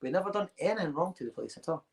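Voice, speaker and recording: The podcast host's voice is a little high and husky, and he talks rapid-fire. In a casual chat he tells a long anecdote laced with swearing, animatedly acting out its characters in quotes.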